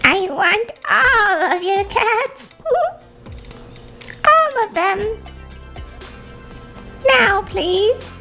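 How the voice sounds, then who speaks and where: A woman voicing an eccentric cat-obsessed woman in a doll-play story, with a high, drawn-out, cackling delivery. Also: expressive, pushed and bright, soft background music, heavily acted. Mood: eager.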